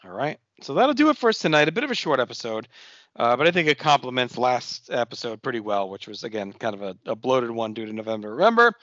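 A man's voice: mid-range voice, animated, fast, fairly bright tone, dry recording, highs cut off. A man co-hosting a podcast, casually recapping wrestling shows and swearing freely. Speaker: podcast co-host.

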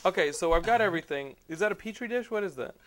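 Excitable, cursing male radio host. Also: sits high, fast. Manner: excitable, swears freely. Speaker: show host. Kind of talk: casual comedic radio banter.

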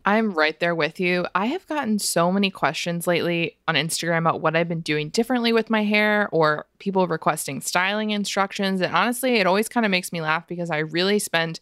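A woman co-hosting a podcast, talking in a relaxed, agreeable way. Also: fairly low pitch, fairly quick, few pauses, clean tone, no room sound, clean studio sound. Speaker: podcast co-host. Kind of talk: casual chat.

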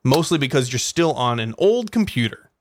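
A man co-hosting a casual comedy podcast, goofy and excitable, prone to laughing and squealing. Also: medium pitch, normal speed, dry recording, studio quality. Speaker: podcast co-host. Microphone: studio mic with headphones and compressor.

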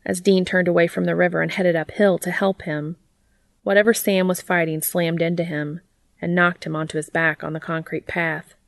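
A woman reading fiction aloud as a narrator, in a steady, even way. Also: on the low side, moderate pace, creaky, no echo. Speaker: audiobook reader.

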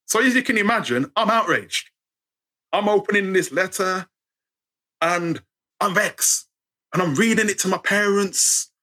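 A young British man telling a funny personal story as a guest, animated and acting out the people in his tale. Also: high-pitched, measured pace, pauses often. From United Kingdom.

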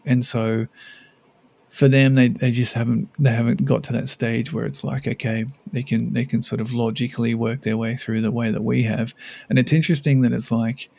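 Gravelly, mellow-voiced man chatting. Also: medium pitch, flat delivery, normal speed. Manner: rambling, many restarts and "like"s. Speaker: podcast co-host. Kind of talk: casual parenting podcast chat.

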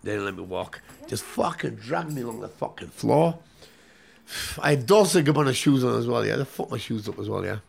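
Gravelly man telling a rowdy story. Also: medium pitch, expressive, a little fast. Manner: swears constantly, tags lines with "yeah?". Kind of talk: casual profane anecdote.

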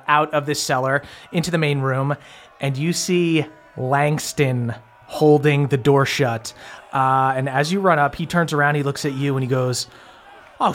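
A man's voice: fairly high pitch, a bit bright. A man running a tabletop game as game master, narrating casually with frequent fillers and swearing.

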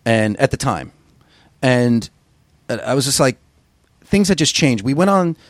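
A man who is a musician, telling stories in a casual interview, rambling and profane with a gruff voice. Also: mid-range voice, very animated, a little slow, dry recording. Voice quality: gruff singer's voice. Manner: rambling, profane, self-deprecating storyteller. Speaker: musician guest.

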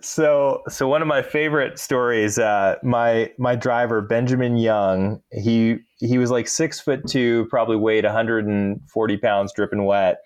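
A man's voice: mid-range voice, a little slow, few pauses, clean tone. A man, a former army officer, telling war stories casually with lots of restarts. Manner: animated storyteller, frequent restarts.

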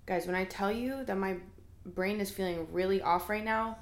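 A woman hosts her solo podcast from a room at home, her voice carrying a roomy echo. She talks in a casual, candid way, full of fillers and open about her self-doubt and emotions. Her pitch sits in an everyday middle range. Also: fairly even intonation, moderate pace. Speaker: podcast host.

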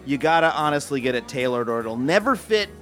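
A man's voice: medium pitch, lively intonation, a little fast, fairly bright tone, soft background music. Flamboyant rambling man at play. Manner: rambling, flamboyant, full of fillers. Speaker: player. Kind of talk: in-character tabletop play.

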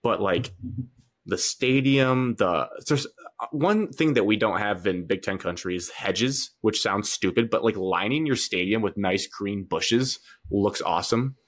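A young man co-hosting a sports podcast, telling an animated story in casual chat, full of fillers. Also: fairly low pitch, unhurried. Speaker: podcast co-host.

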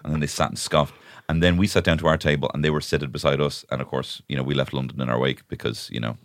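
Deep-voiced, fast-talking man in a dry studio. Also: dry recording. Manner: animated storyteller, swears freely. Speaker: podcast co-host. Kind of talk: casual comedic chat.

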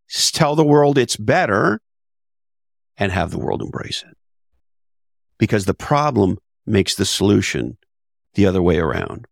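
Here a man with a mid-range voice and vocal fry is heard in a clean studio recording without echo. As a podcast guest who is an author and business advisor, he speaks bluntly and emphatically in conversational interview style, with rhetorical questions and casual swearing.

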